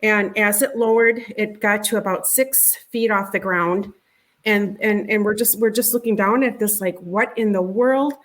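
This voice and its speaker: A middle-aged woman, an interview guest, recounting a personal experience in a conversational, halting way, often repeating words and restarting her sentences. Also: mid-range voice, steady tone, a bit bright. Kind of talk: conversational storytelling.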